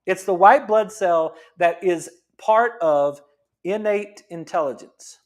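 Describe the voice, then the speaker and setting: A man's voice: high-pitched, slow. A middle-aged man, a chiropractor giving a fired-up, preachy health talk full of rhetorical questions.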